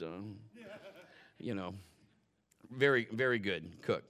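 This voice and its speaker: A male pastor preaching a sermon in a folksy, joking way, dropping to quiet asides and building to loud, fervent stretches. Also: medium pitch, lively intonation, slow, pauses often. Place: church.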